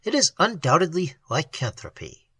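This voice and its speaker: A composed male doctor, quiet and decisive, every word measured, as a narrator puts him on. The tone stays bright and slightly breathy in a dry, close recording. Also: medium pitch, sing-song, no room sound, full character voice. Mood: calm. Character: calm, authoritative male doctor of the occult.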